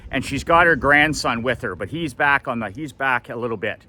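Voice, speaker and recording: Emphatic man with a bright, forceful voice. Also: medium pitch, lively intonation, a little fast. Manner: emphatic, blunt, swears freely. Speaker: motivational coach. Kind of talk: personal storytelling monologue.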